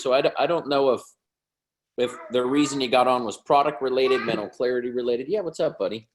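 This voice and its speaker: A man in his thirties hosting a video call, giving an upbeat, joking sales pitch. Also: fairly quick, reverberant, slight background noise.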